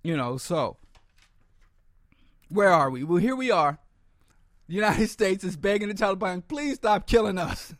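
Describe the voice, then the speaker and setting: A podcast host with a notably high, fairly bright voice delivers a political monologue, blunt and sardonic, with frequent restarts and repeated words. He's expressive and measured, taking long pauses, and the recording is dry with no room ring.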